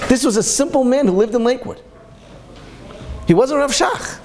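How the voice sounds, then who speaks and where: A man's voice: extremely high pitch, lively intonation, normal speed, long pauses. A man giving a storytelling sermon as a Torah speaker, impassioned and full of repeated rhetorical questions.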